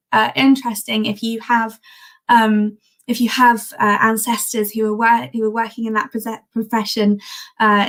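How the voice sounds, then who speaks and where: A woman presenting a history talk on old newspaper archives in a chatty, enthusiastic way, with frequent ums and restarts. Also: fairly high pitch. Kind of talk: live-streamed history talk.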